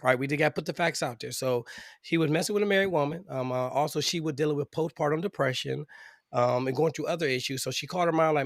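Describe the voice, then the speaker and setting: A man's voice: on the high side, fast talker, no room sound, clean studio sound. A man co-hosting a casual true-crime podcast, rambling and restarting as he lays out a case. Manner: rambling, full of fillers and restarts. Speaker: podcast co-host.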